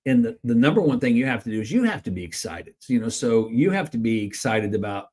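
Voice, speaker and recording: A man co-hosting a podcast and teaching sales in casual conversation. He talks with energy, often repeats words as he starts a sentence, and acts out excited and flat sales pitches. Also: fast, husky. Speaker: podcast co-host and sales trainer.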